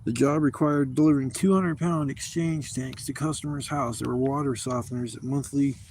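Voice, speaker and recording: Gravelly, mellow-toned fifties man, candid and cussing, recorded outside with faint birds and hiss. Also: medium pitch, fairly even intonation, normal speed. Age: 50s. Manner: rambling, profane, candid. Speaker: camping vlogger. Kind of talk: casual storytelling to camera. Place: outdoors at a campsite.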